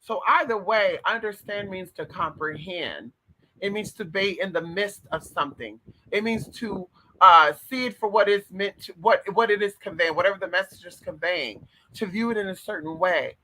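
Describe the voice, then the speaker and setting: A man with a high, piercingly bright voice hosts a casual spiritual advice monologue, sassy, profane and animated throughout, breaking into sudden shouts. He talks at normal speed, and the rough recording has slight background noise.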